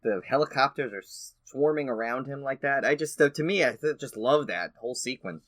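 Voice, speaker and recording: Excitable male podcast co-host, slightly hoarse, dry close-mic sound. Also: mid-range voice, a little fast, dry recording. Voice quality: a bit hoarse. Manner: enthusiastic, many fillers. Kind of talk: casual chat.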